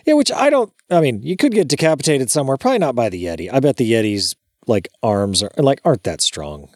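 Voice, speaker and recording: A man with a bouncing, animated voice jokes and swears his way through relaxed banter. The sound is dry and close, with no room around it. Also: mid-range voice, fast, dry recording. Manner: joking, profane banter. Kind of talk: casual chat.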